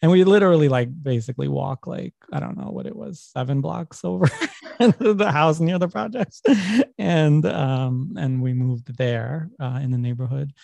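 A young adult man from New York, a podcast guest, rambles through personal stories in casual conversation, laughing as he tells them and correcting himself along the way. His voice is fairly high, creaky, and a little mellow, at a moderate pace on a dry recording.

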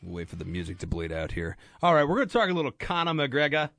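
A man's voice: mid-range voice, sing-song, fast talker, a bit bright, dry recording, faint music behind. A man filling in as host on a sports radio show, chatting casually in a joking, rambling, self-deprecating way at a studio mic. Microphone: studio microphone.

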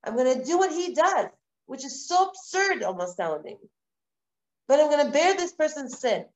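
A woman teaching a live online Torah class, lecturing in a lively, conversational way with repeated phrases and rhetorical questions. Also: sits high, normal speed, highs cut off. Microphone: video call.

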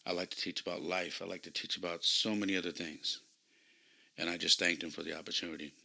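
A man's voice: low voice, flat delivery, fast, gravelly, sharp tone. A man hosting a podcast and reflecting earnestly on his coaching, telling a personal story. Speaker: podcast host and youth baseball coach.

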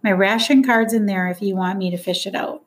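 A woman's voice: medium pitch, a little fast, close to an everyday voice. Brief: woman narrator voicing a smug man brushing off police, amused and offhand. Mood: airy. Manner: airy, amused. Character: breezy, mocking male suspect posing as a hiker.

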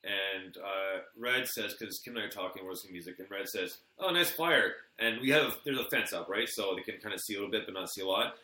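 A man hosting a live online show, telling lively anecdotes in casual chat and acting out the lines of the people in them. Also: deep voice, fast, hardly any pauses. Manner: animated anecdotes, acts out quoted lines. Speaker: host. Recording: echoey room with faint noise.

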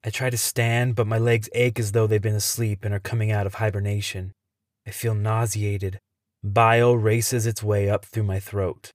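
A man who hosts a podcast, telling a tense first-person story in a measured way. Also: lowish voice, little pitch movement, no echo, clean studio sound.

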